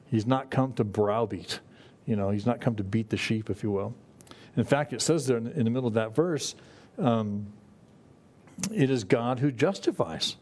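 A man's voice: fairly low pitch, moderate pace, a little mellow. A middle-aged man preaching a sermon to a congregation in a conversational way, often restarting his phrases. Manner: conversational, with frequent restarts and "you know". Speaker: pastor.

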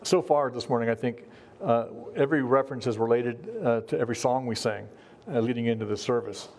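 A man's voice: mid-range voice, steady tone, brisk, darkish tone. A middle-aged man preaching a sermon to his congregation in an earnest, conversational way, often restarting his sentences. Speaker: pastor.

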